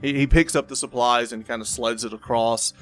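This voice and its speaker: A male game master describes the scene in a halting, searching way, stopping and restarting often. His voice sits at a middling pitch, with faint music playing behind it. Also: steady tone, fairly bright tone. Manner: halting, with many fillers and restarts. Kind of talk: narrating a tabletop game.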